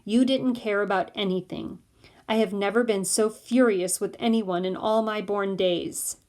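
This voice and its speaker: A woman voicing a worried mother who speaks to her son in a quiet, calm, measured way. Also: medium pitch, natural voice.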